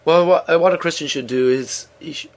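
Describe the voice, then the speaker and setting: A man co-hosting a casual chat, dry and mock-serious in a deadpan way. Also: on the high side, fairly quick, slight background noise. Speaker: co-host. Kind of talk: casual radio-style chat.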